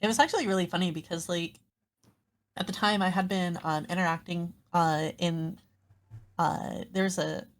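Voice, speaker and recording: A woman's voice: on the low side, normal speed. A woman guest on a podcast, chatting casually and rambling through a story with lots of fillers. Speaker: guest streamer.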